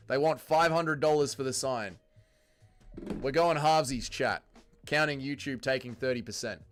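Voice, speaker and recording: A young Australian man hosting a casual livestream, reading out viewer comments with loud laughter and plenty of swearing. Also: a little high. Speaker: livestream host.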